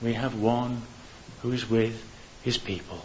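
A man's voice: mid-range voice, steady tone, unhurried. A man preaching an evangelistic sermon in an earnest way, building to fervent appeals. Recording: dull hissy recording.

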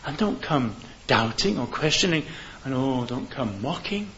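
A man's voice: mid-range voice, very animated, unhurried, fairly bright tone. Earnest male preacher on a dull, hissy recording. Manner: earnest, rising to fervent appeals. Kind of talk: evangelistic sermon.

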